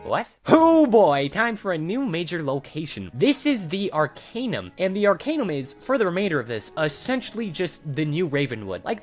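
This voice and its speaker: A man's voice: sits high, fairly bright tone. A young man recapping a video game's story for an online video, with sarcastic asides and plenty of fillers. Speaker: YouTube game story narrator. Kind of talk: comedic game story recap.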